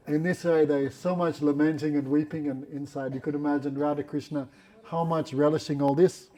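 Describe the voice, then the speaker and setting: A man telling a devotional story in a religious class, animated and laughing often, with non-standard English grammar. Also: on the high side, brisk. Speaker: spiritual teacher.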